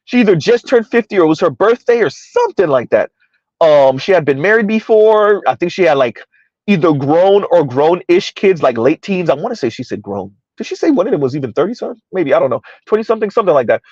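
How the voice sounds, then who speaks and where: A man's voice: high-pitched, big pitch swings, fast, darkish tone, no room sound. Chatty man with a dull lo-fi mic. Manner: rambling, conversational, reads chat aloud. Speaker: commentary streamer. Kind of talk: casual live-stream commentary.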